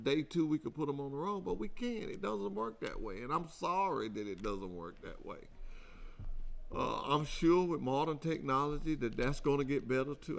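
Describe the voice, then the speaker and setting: A man with a Southern US accent, talking earnestly to his company's truck drivers in a folksy way and repeating his points for emphasis. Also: mid-range voice. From Alabama. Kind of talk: folksy company talk to employees.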